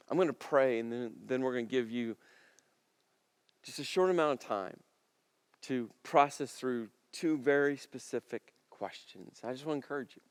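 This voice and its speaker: A man preaching a sermon as pastor, talking conversationally and building to emphatic, forceful peaks. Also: medium pitch, normal speed, smooth. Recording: long reverb of a large hall.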